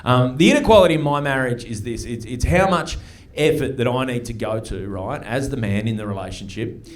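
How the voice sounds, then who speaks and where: A man's voice: mid-range voice, expressive, fairly quick. An Australian man doing a stand-up set in a comedy club, brash and conversational, swearing freely. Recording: live audience laughter.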